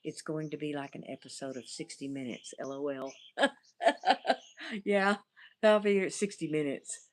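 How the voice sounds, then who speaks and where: A middle-aged Southern woman, a livestream host and therapist, rambles through a casual outdoor stream, riffing without any topic and reading viewer comments aloud. Her voice is low and a little slow, with long pauses.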